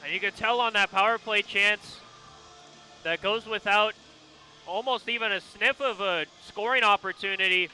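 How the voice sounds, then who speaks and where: A man's voice: sits high, moderate pace, sharp tone, faint music behind, low-quality recording. A man giving color commentary on a hockey game, analyzing the play in a reflective way.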